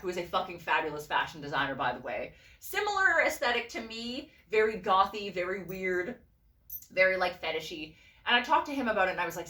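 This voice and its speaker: A woman telling a story in a casual vlog, swearing freely and acting out the voices of the people she quotes. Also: fairly low pitch. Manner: animated, profane, acts out quoted voices. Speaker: vlogger and costume designer. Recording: roomy and a bit distant from the mic.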